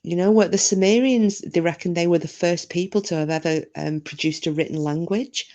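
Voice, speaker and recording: A woman from England hosts a relaxed livestream chat. She rambles from topic to topic, reads out her viewers' comments and pokes fun at herself. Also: fairly low pitch, a little fast. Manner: chatty, reads out viewer comments, self-deprecating. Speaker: livestream host. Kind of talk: casual chat with live viewers.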